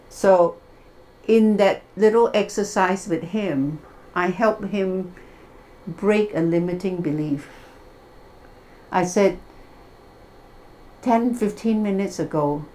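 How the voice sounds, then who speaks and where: Woman hypnotherapist teaching a workshop, lively storyteller, does the voices, bit of background hiss. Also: on the low side. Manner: animated, acts out the people in her stories. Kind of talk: wellness workshop talk with storytelling.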